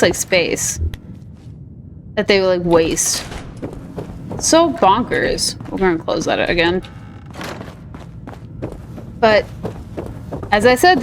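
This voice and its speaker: A woman's voice: mid-range voice, slight background noise. A woman hosting a gaming video, chatting casually and upbeat over gameplay. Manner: chatty, upbeat, lots of fillers like "like".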